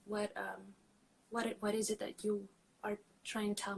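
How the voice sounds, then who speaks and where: A woman's voice: medium pitch, level tone, a little slow, vocal fry, husky, rough recording. A woman trauma coach talking casually as a podcast guest, chatty with frequent fillers and laughs.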